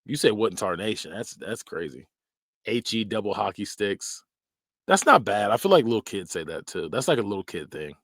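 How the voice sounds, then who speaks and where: A man's voice: lowish voice, sing-song, fairly quick, a bit bright, dry recording, clean studio sound. A man hosting a podcast, giving casual, joking reaction commentary and laughing often. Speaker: podcast host.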